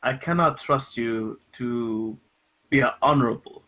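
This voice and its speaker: A man voicing a cold professional male bounty hunter in a tabletop game, speaking slowly and formally. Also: medium pitch, pushed and bright, low-quality recording. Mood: coldly formal. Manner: slow, measured, formal.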